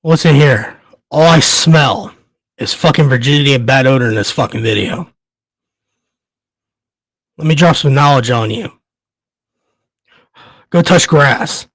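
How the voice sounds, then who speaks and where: With a medium-pitched voice at normal speed, this male podcast host delivers an angry rant full of long pauses, recorded without echo. He curses heavily, trips over repeated words, and trembles with fury throughout.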